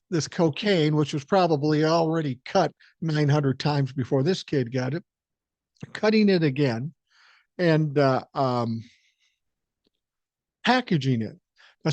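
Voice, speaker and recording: A man's voice: on the high side, a little mellow, dry recording. A man in his sixties from the American Midwest, hosting a podcast and telling a story in a blunt, profane, laid-back way. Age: 60s. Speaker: podcast host. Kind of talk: casual storytelling monologue.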